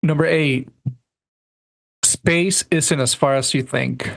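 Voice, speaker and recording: A man co-hosting a podcast, reading numbered items aloud in a plain, halting way. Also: fairly high pitch, fairly even intonation, vocal fry, a bit bright. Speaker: podcast co-host.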